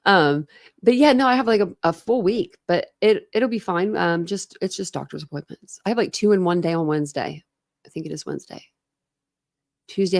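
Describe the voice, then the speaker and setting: Streaming casually from her room at home, an American true crime host drifts from one topic to another, chatty and rambling with frequent laughs and fillers. Her mid-range voice has a noticeable gravelly fry, she speaks at a moderate pace, and she's recorded on a desk camera setup.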